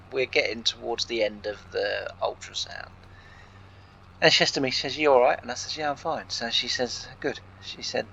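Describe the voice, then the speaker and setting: A man's voice: medium pitch, vocal fry, a bit bright, slightly rough. A young English man from England, casually telling a rambling anecdote over gameplay and retelling each exchange with "I said" and "she said". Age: young adult. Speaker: let's play host. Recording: dull lo-fi recording.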